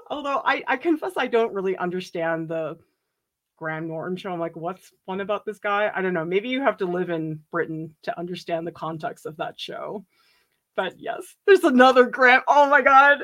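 A woman hosting a casual livestream, reading out viewer comments and chatting about them, gushing and giggling with big swings in pitch. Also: very animated, moderate pace, a bit bright. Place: home.

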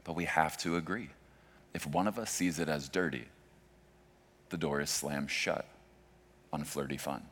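A man in his forties, a pastor preaching a sermon in a conversational way that swings from hushed to loud. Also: rumbling low, fairly even intonation, a little slow, pauses often.

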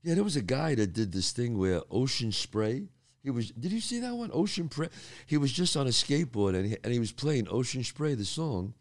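A male podcast host chats casually with a guest. He speaks in a mid-range voice with a lively, swinging intonation and sounds enthusiastic, swearing now and then. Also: medium pitch, a little fast. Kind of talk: casual interview chat.

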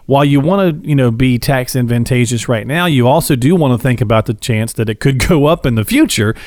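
A man's voice: mid-range voice, expressive, a little fast, a little mellow, no room sound. A man hosting a radio finance show, chatty and jokey, laughing easily. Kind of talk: casual radio talk show chat.

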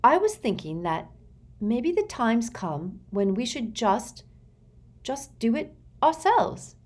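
A woman voicing an earnest, clever teenage girl who speaks eagerly and a little higher. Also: sing-song, slow, a little mellow, exaggerated voice.

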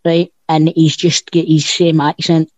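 A man's voice: fairly high pitch, little pitch movement, measured pace, a little mellow, no echo. A man, chatting casually about films and cracking jokes. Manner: jokey, swears, storytelling. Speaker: podcast co-host. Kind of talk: casual chat. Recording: dull lo-fi dry sound.

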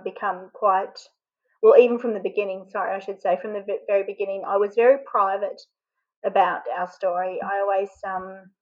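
A woman from Australia telling a personal story in an interview, halting and often choked up with emotion. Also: medium pitch, lo-fi sound. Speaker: interview guest.

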